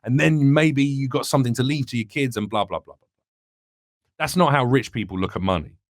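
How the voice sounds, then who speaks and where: A man's voice: mid-range voice, fairly quick, no room sound, clean studio sound. An English man speaking as a comedian guest in a candid podcast conversation, reflective and rambling, with frequent restarts.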